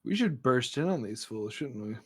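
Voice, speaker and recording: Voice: medium pitch, animated, normal speed. A player in a tabletop game, talking casually and joking around.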